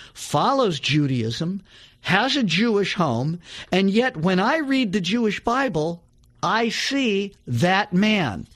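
A man hosting a religious talk show, reading a testimony aloud with dramatic emphasis, then talking casually with some fillers. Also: high-pitched. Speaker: radio show host.

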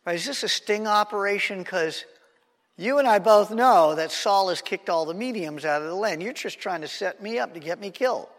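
A man voicing a frightened, suspicious woman medium who talks quick and wary. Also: sits high, lively intonation, fairly bright tone, pitched above the performer's own voice. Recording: long reverb of a hall.

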